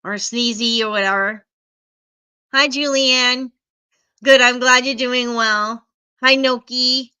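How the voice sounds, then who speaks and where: Chatty woman, bright stuffy voice. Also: fairly high pitch, fairly even intonation, slow, long pauses, clear, resonant tone. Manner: greets viewers by name, chatty. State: stuffy from allergies. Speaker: livestream host. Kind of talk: casual livestream chat.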